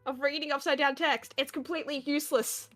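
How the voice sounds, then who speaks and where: A woman's voice: high voice, steady tone, fast, a bit bright, no room sound, soft background music. A woman co-hosting a casual live stream, swearing freely and laughing at her own slip-ups. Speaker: co-host.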